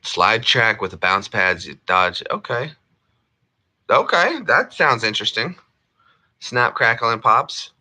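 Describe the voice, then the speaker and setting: Lively, bright-voiced man joking around. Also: fairly low pitch, unhurried. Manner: rambling and jokey, playful repetitions. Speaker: gaming streamer. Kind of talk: casual chat while gaming.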